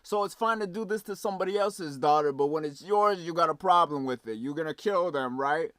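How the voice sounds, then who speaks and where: A man's voice: a little high, fairly quick, a bit bright, no room sound. Foul-mouthed ranting male streamer. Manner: profane, angry ranting. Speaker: streamer reacting to a video. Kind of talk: live reaction commentary.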